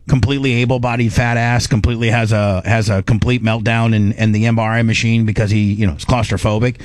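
Middle-aged male show host, lively storyteller who acts out his own voices and restarts often; dry, close sound. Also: on the low side, fast, few pauses, no echo. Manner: animated, acts out his own panicked inner dialogue, frequent restarts. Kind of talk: casual storytelling chat.

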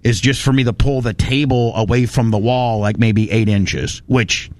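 A man hosting a radio talk show, telling a story in animated bursts and ranting with lots of restarts. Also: medium pitch, moderate pace. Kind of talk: casual talk radio banter.

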